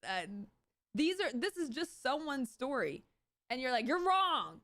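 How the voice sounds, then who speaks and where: A woman in her thirties streaming live, talking casually in a rambling, animated way with many restarts and bursts of exasperation. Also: high voice, measured pace, dry recording. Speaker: Twitch streamer hosting her own stream. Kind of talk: casual livestream commentary.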